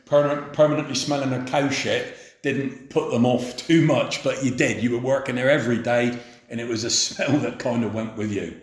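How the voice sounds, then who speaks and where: A middle-aged man from England telling memories of his youth in an unhurried, plain-spoken way. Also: medium pitch. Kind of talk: spoken memoir. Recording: roomy echo.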